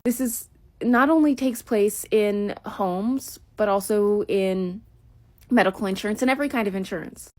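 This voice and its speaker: A woman's voice: medium pitch, moderate pace, darkish tone. A woman from Southern California talking to camera, somberly retelling a story. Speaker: social media commentator. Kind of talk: casual to-camera talk.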